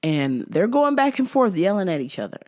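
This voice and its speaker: A woman's voice: medium pitch, very animated, moderate pace, darkish tone. A woman vlogger telling a work story in a casual, profane, sarcastic way.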